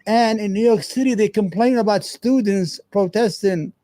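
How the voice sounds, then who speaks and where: A man talks over clips as the host of a commentary show. His voice sits fairly high but sounds dark, and his talk is blunt, profane and rambling, with many restarts. The recording is dry. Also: normal speed, dry recording. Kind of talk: casual commentary.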